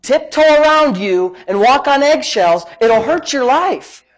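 A man's voice: extremely high pitch, expressive, measured pace. Emphatic man preaching a sermon. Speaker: pastor.

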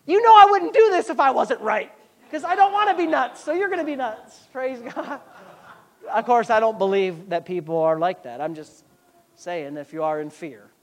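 A woman pastor preaching a sermon with a sarcastic, animated delivery. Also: on the high side, moderate pace.

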